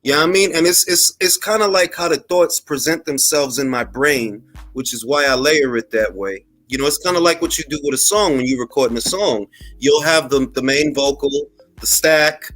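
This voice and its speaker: A man's voice: mid-range voice, fairly bright tone, no room sound. A man hosting a casual boxing talk livestream, speaking conversationally, repeating phrases and tossing slangy asides to his chat. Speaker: boxing talk show host.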